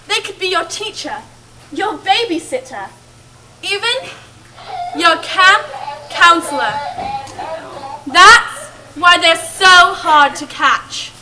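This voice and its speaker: A woman playing a doting grandmother telling witch lore. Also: very high voice. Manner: slow, dramatic storytelling with emphatic drawn-out words. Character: old grandmother warning of witches, storytelling, doting. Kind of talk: amateur stage play. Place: camp stage, audience hall. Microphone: far camera in the audience. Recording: distant camera, faint hiss.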